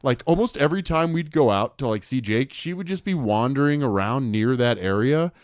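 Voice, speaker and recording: A young man co-hosting a podcast, chatting casually and telling an animated story, quoting people in put-on voices and laughing often. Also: mid-range voice, brisk, no room sound, studio quality. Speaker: podcast co-host.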